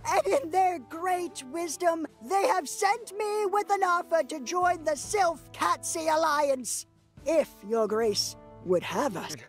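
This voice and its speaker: A woman's voice: very high voice, expressive, takes it slowly, soft background music, heavily acted. A woman voicing a smug, sarcastic young swordsman hero in a comedy parody, given to grandiose speeches.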